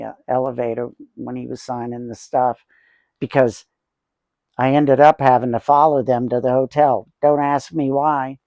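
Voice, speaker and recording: A man's voice: mid-range voice, dark tone, no echo. A man in his sixties telling rambling, chuckling anecdotes as the host of a casual collector vlog.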